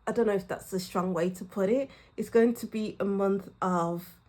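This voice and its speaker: A young woman reading tarot for her viewers in a casual, musing way, often searching for words and laughing softly. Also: mid-range voice, normal speed. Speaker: tarot reader.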